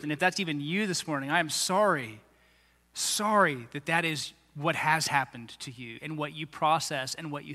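Man preaching in a reverberant hall. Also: fairly high pitch. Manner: animated, acts out quoted voices of the crowds and leaders. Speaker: pastor. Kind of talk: sermon.

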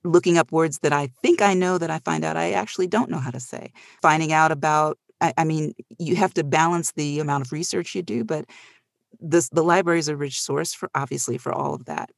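A middle-aged audiobook narrator talking casually on a panel, telling animated stories with frequent laughs. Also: medium pitch, a little fast, vocal fry, dry recording, studio quality.

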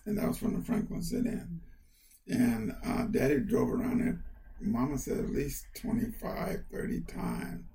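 An older man, a county councilmember, telling personal stories in an interview, animated and acting out family quotes. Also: medium pitch, measured pace, gravelly. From United States. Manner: animated, lively storyteller who acts out family quotes. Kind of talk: conversational storytelling.

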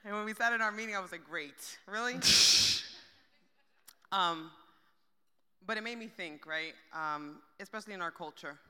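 A woman's voice: medium pitch, normal speed, pauses often, bright, forceful tone, clean tone, long reverb tail. A woman answering questions on a church panel in a light, conversational manner.

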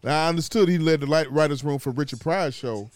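A man's voice: fairly high pitch, quick pace, no room sound. A man hosting a casual podcast chat, steering the talk and hedging with fillers. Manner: leads the talk, hesitant with fillers. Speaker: podcast host.

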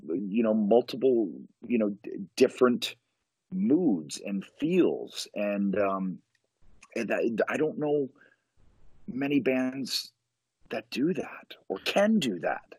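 A man's voice: on the low side, expressive, slow, a little mellow, slightly rough, dry recording. A man, a professional wrestler, is a podcast guest. He tells a story with eager, rambling enthusiasm, full of restarts. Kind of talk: animated storytelling in casual chat.

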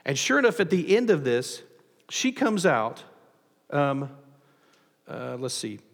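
A man preaching a sermon as a pastor, animated, with frequent restarts and acted-out quotes. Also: on the high side, takes it slowly, creaky, in a large hall.

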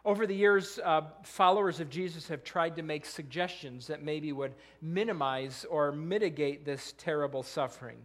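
A man's voice: fairly high pitch, moderate pace, few pauses. A man pastor preaching a sermon in an earnest style, often repeating words and posing rhetorical questions.

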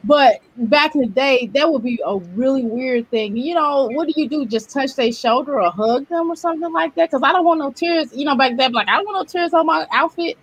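A woman in casual panel chat, animated and quick to laugh, acting out what she says to people. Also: high voice. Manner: animated, laughs easily, acts out quotes.

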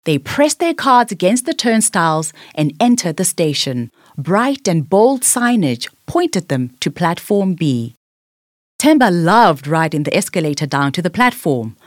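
A woman narrating a children's storybook aloud in a clear, expressive way. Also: lowish voice, measured pace, no echo, clean studio sound.

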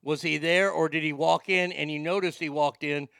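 A man hosting his own podcast, reading listener mail in a profane, excitable, rambling way. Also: fairly high pitch, moderate pace, vocal fry, very noisy. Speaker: podcast host.

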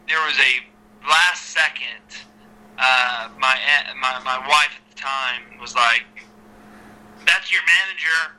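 A man, a former wrestler, telling stories as a podcast guest in an animated, chatty way with lots of repeated starts. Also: mid-range voice, rough recording. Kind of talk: casual storytelling interview.

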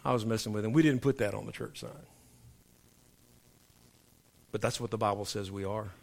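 A middle-aged male pastor preaching a sermon to his congregation, emphatic and preacherly, dropping low for punchlines. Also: normal speed, creaky. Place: church sanctuary.

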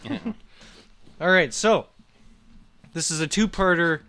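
A man's voice: high-pitched, takes it slowly, bright, forceful tone. A man co-hosting a comedy podcast, crude and joking, often laughing. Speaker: podcast co-host. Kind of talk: casual comedy podcast chat.

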